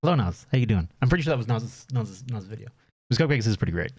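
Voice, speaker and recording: A man's voice: fairly low pitch, animated, fast, darkish tone. A young man with an Irish accent chatting casually on a stream, rambling and laughing at himself. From Ireland. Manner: rambling, self-deprecating, laughs often. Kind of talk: casual chat reviewing community submissions.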